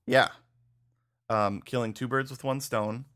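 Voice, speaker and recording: A man's voice: mid-range voice, fairly even intonation, a little slow, a bit bright. A man co-hosting a podcast in casual chat, laid-back, laughing often and saying "dude" and "like". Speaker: podcast co-host.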